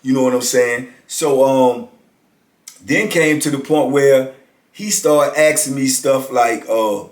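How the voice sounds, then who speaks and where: Taking it slowly in a mid-range voice, this fiftyish man chats about life in prison, frequently dropping "you know what I'm saying" to check in. The room gives his voice an echo.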